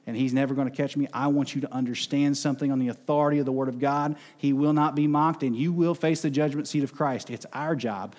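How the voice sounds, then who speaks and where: A man preaching a sermon as pastor, emphatic, swinging between loud outbursts and soft, low passages. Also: fairly even intonation, fast, hardly any pauses. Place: church sanctuary. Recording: long reverb of a large hall.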